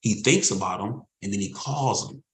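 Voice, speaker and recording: A man with a fairly low voice gives a motivational talk to his insurance sales team. He hammers his points home by repeating them, in a casual, emphatic, preacher-like way. The sound bounces around an echoey room. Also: moderate pace. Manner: repetitive, emphatic, conversational preaching.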